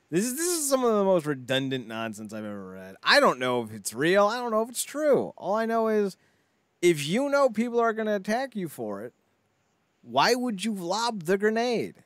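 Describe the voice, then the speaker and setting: A man's voice: high-pitched, wildly swooping pitch, moderate pace, fairly bright tone, no echo. A man co-hosting a podcast, rambling in casual banter and slipping into silly impressions. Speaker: podcast co-host.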